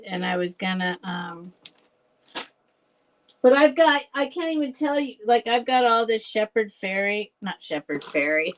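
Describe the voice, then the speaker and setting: A woman's voice: medium pitch, low-quality recording. Chatty woman running a live sale. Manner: chatty, rambling, laughs often, thinks aloud. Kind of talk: casual live selling chat.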